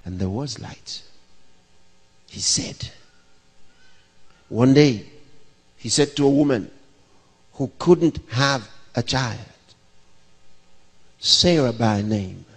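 A man's voice: mid-range voice, lively intonation, takes it slowly, pauses often, slightly rough. A man in his sixties, a pastor, preaching a sermon by asking questions and answering them himself. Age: 60s. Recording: long reverb of a large hall.

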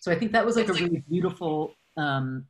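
A moderator hosts a casual panel discussion, framing audience questions slowly. The delivery is halting and hedged, full of little fillers. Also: medium pitch, lively intonation.

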